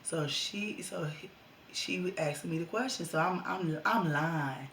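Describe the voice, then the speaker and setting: A young woman telling a casual storytime vlog to her viewers, animated and slangy. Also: lowish voice, takes it slowly, echoey room, a little hiss or hum.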